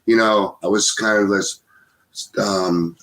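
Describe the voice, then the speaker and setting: A man's voice: fairly low pitch, steady tone, takes it slowly, a bit bright. A man in his fifties, co-hosting a podcast in casual conversation, rambling with many fillers. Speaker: podcast co-host.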